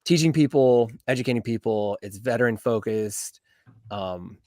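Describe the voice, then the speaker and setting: A man's voice: on the low side, normal speed, a little mellow, no room sound, studio quality. A man in his thirties, a veteran guest on a podcast, talking in an easygoing way with lots of "like" and "um". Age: 30s. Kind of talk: casual chat.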